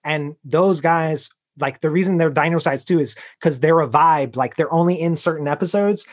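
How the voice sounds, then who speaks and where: A man's voice: fairly high pitch, moderate pace. A man co-hosting a podcast, rambling casually with lots of fillers and laughs. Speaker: podcast co-host. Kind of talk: casual comedic chat.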